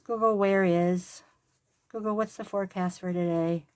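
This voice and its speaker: Chatting while she sews a craft at home, this older woman, a grandmother with a crafting vlog, rambles and makes fun of herself. She speaks at a normal speed in a mid-range, steady, slightly mellow voice.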